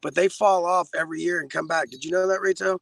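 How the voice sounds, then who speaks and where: A man's voice: sits high, steady tone, fast, vocal fry, fairly bright tone, no room sound. A man in a band, talking casually and rambling reflectively with bandmates. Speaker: band member. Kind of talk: casual chat.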